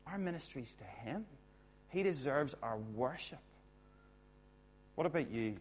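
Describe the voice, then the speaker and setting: A man preaching a sermon as a pastor, chatty and jokey with quick asides. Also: on the high side, animated.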